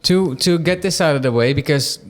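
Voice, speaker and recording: A man's voice: a little high, fairly quick. A young man, hosting a podcast and asking casual, probing questions. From Australia. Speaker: podcast host. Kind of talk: interview.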